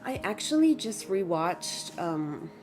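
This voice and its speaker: A woman's voice: medium pitch, sing-song, takes it slowly, a little mellow. A young woman streaming from home, chatting casually and expressively with her viewers, dramatic about small things and dropping Spanish phrases into her talk. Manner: self-mocking, dramatic complaints. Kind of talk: casual livestream chat with viewers. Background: faint background music.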